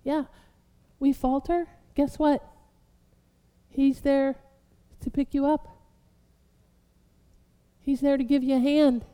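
A woman pastor preaching a sermon, building to loud, fervent exhortation and calling her listeners beloved. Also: high voice, level tone, slow pace, pauses often, in a large hall.

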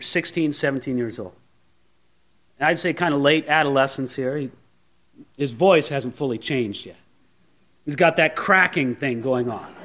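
A pastor preaching a sermon with animated, theatrical storytelling. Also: male voice, on the high side.

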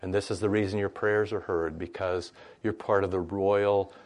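A man's voice: sits low, steady tone, normal speed, darkish tone. A man preaching a conversational sermon, tagging "right?" onto his points and making joking asides to the congregation. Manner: conversational, frequent "right?" tags. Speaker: pastor.

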